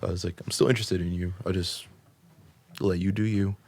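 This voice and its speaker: Low husky guy from the us just rambling thru a story, lots of likes and ums. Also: steady tone, fairly quick, a little mellow. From United States. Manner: rambling, filler-heavy with constant "like" and "um". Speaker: podcast guest. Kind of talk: casual storytelling.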